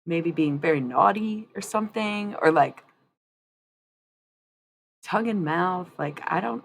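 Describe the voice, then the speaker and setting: A woman's voice: low-pitched, normal speed, vocal fry, slight background noise. A woman chatting casually on a live stream, rambling and candid, swearing freely. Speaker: livestreamer.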